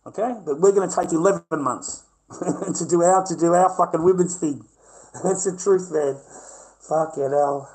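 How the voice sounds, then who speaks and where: A man's voice: on the high side, normal speed, darkish tone, low-quality recording. A middle-aged man with an Australian accent, ranting brashly and combatively on a livestream and swearing constantly. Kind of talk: profane livestream rant.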